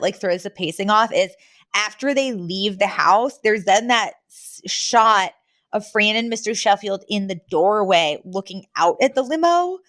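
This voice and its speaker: Animated woman recapping a sitcom. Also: no room sound. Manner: animated retelling, acts out quotes in higher voices. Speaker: podcast co-host. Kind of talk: casual recap chat.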